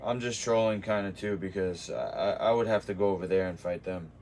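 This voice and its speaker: A man's voice: deep voice, fairly quick, a little mellow. Fighter streaming from his kitchen who trash-talks his chat, brash and combative, with faint background hum. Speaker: martial arts streamer. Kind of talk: livestream talking back to chat. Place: home kitchen.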